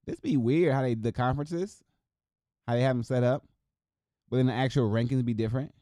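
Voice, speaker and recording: A man from Wisconsin hosts his own show alone, tossing out scores and quick opinions in loose slang. His voice sits at an ordinary middle pitch, and the sound is dry and close, with no room around it. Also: no echo. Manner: loose, excitable, slangy, talks to viewers as y'all. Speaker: host. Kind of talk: casual solo commentary.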